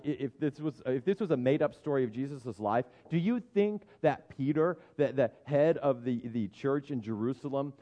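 A man's voice: mid-range voice, warm tone, highs cut off. A man preaching a sermon in a conversational, humorous way, often stopping to restart his sentences. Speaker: pastor.

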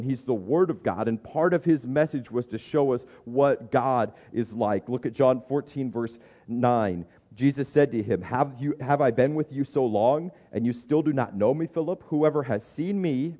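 A man's voice: medium pitch, measured pace, big-room sound, lo-fi sound. A man preaching a sermon as a pastor, earnest, often repeating words as he builds each point.

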